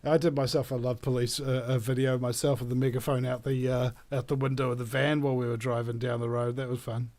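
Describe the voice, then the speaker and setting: A man's voice: medium pitch, flat delivery, quick pace, hardly any pauses, darkish tone. A man hosting a radio chat, telling rambling, jokey stories with many fillers. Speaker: radio show host. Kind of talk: casual radio chat, storytelling.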